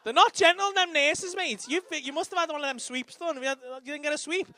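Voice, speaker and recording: A man doing a stand-up comedy set on a club stage, telling a profane, animated story into a handheld mic with audience laughter behind. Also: very high-pitched, quick pace, slight background noise.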